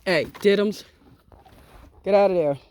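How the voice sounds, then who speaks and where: A backyard chicken keeper chats to the flock in a casual outdoor vlog, teasing the birds playfully. The voice is mellow and warm, sitting at an ordinary middle pitch. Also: measured pace.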